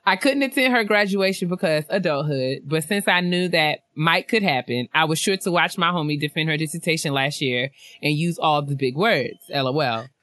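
A young woman co-hosting a laid-back chat show, reading listener messages with animated asides and easy laughter. Her voice is bright and crisp. The recording is close and dry. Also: deep voice, normal speed, hardly any pauses, dry recording. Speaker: podcast co-host.

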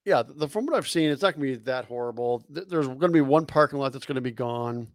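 A man's voice: medium pitch, fast, no echo, clean studio sound. A man co-hosting a casual sports chat show, laid-back and laughing along. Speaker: podcast co-host.

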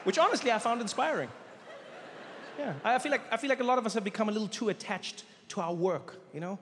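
A man doing stand-up comedy on a theater stage, telling a story with animated delivery and acting out characters. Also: high voice, fast talker, a faint crowd, slight background noise. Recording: live hall reverb, faint ambience.

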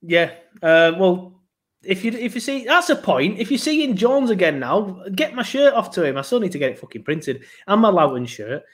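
A young man hosting a podcast. His voice sits slightly high. He chats casually, rambling, swearing and restarting his sentences. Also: sing-song, moderate pace. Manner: rambling, swearing, self-interrupting. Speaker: podcast host. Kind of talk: casual chat.

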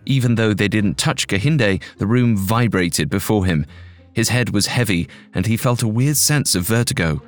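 A man reads a scripted audio drama with measured, dramatic storytelling. His voice is fairly low, and faint music plays behind him. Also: expressive, dry recording. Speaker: narrator.

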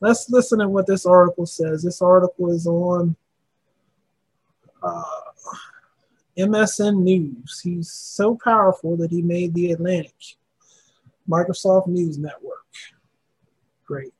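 A man's voice: high-pitched, fairly even intonation, a little slow, long pauses, a little mellow, breathy edge. A man hosting a radio commentary show, talking in a sarcastic, mocking way. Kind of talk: opinion commentary podcast.

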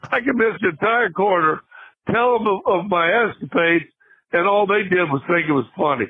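A man's voice: high-pitched, measured pace, bright, forceful tone, husky, dry recording. An older man, a guest on a podcast, telling a funny story in casual chat, with lots of restarts and laughter. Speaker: podcast guest, former basketball player. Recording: tinny phone-line sound.

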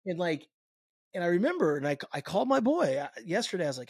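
A man hosting a casual podcast, telling stories with lots of swearing. His pitch swings up and down as he talks. The sound is close and dry. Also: quick pace, slightly rough, no echo. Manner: animated storyteller, swears a lot. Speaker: podcast host. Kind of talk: casual chat. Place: lives in Saint Louis.

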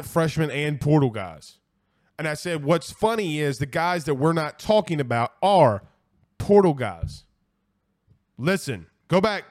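A man hosting a casual college football live stream, reading viewer comments and giving blunt, animated opinions, often repeating himself for emphasis. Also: a little high. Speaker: host of a college football show.

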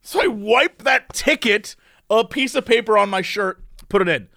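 A man's voice: high voice, moderate pace, no room sound, clean studio sound. A man telling a long story in casual chat, laughing often and acting out the people in it. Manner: animated, laughing often, mimics others in the story.

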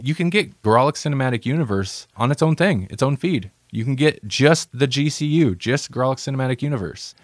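A man's voice: mid-range voice, dry recording, studio quality. A man hosting a podcast in casual chat, joking and rambling with frequent laughs. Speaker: podcast host.

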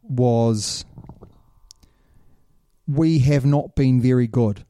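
A man talking rugby in an easygoing, opinionated way, his voice deep-toned and mellow. The sound is dry and close, with no room around it. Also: very slow, no room sound. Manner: animated, opinionated, says "mate". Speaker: rugby podcast host. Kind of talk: casual chat.

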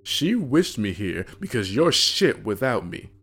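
A man's voice: medium pitch, sing-song, a little slow, fairly bright tone, husky, pitched above the performer's own voice, exaggerated voice. A man voicing an angry dead older brother who speaks through a puppet, bitter and spiteful.

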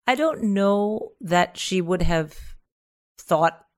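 A woman with a mid-range voice takes part in a relaxed comedy podcast conversation. She is frank and blunt, and she swears casually as she makes her points. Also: medium pitch, drawn-out words.

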